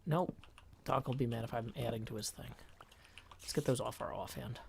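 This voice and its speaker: A man hosting a live game stream, talking in a loose, rambling way as he plays. He breaks off mid-thought, restarts, and answers viewers' questions. His voice sits at an ordinary middle pitch. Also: fairly even intonation, normal speed, gravelly, slight background noise. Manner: thinks aloud, self-interrupting, reads chat. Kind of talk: casual live-stream commentary while gaming.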